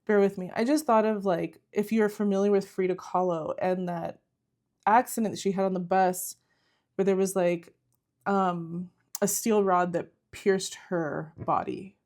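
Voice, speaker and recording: An unhurried woman with a mid-range, darkish voice and fairly even intonation reads tarot to camera. She is earnest and encouraging, repeating herself, often saying "like" and at times near tears.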